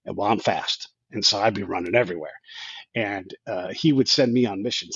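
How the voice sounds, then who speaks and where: A man's voice: lowish voice, moderate pace, bright, forceful tone, breathy edge, dry recording, lo-fi sound. A man in his fifties, a podcast guest, telling a rambling story with many restarts and quoted asides. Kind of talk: casual storytelling.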